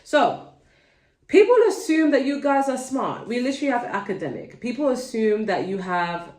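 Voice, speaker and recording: A woman's voice: fairly high pitch, animated, moderate pace, a little mellow, echoey room, far from the mic. A woman with a London accent giving a casual tarot reading at home, chatty and digressive, speaking straight to her viewers. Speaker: tarot reader.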